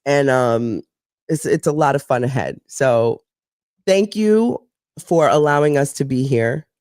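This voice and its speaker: A woman's voice: extremely low pitch, unhurried, no echo, clean studio sound. A woman co-hosting a live show, talking in a rambling, candid way and swearing freely. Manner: animated storyteller who acts out voices. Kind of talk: casual live-show chat.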